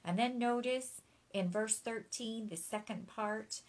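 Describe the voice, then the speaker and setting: Slow, emphatic woman preaching. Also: a little high, rough recording. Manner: emphatic, repeats key phrases; teaching, spells out words for note-takers. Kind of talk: sermon.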